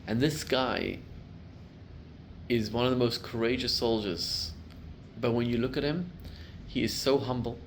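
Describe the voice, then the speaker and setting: A middle-aged man, a rabbi, giving a class to a live group, telling stories and building to loud emphatic peaks. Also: mid-range voice, fairly even intonation, unhurried, a little hiss or hum.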